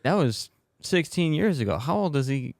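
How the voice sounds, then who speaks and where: A man's voice: fairly high pitch, big pitch swings, moderate pace, creaky, a little mellow, no room sound, studio quality. A man co-hosting a podcast in casual chat, laid-back and giving short replies. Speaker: podcast co-host.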